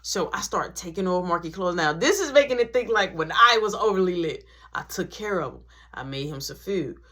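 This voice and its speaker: Animated woman telling a storytime vlog, bright husky voice, swings up and down a lot. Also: fairly low pitch, brisk. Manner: animated, acts out every voice.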